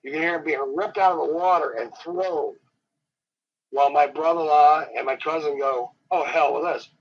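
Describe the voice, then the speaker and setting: Rambling storyteller, man with a husky, slightly high voice, dull lo-fi interview audio. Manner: rambling, dramatic, slows down for suspense. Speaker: professional wrestler guest. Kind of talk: animated storytelling.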